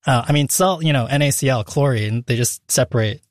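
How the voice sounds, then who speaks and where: A man hosting a casual science show, explaining facts in a relaxed, chatty way. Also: mid-range voice, a little fast, dry recording, clean studio sound. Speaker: podcast host.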